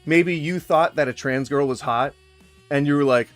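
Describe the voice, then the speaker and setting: A man's voice: mid-range voice, moderate pace, faint music behind. A man in his forties from Sacramento, California, delivering a heated, profane, sarcastic rant straight to camera in reply to a critic. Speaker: vlogger responding to a critic. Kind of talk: ranting direct-to-camera rebuttal.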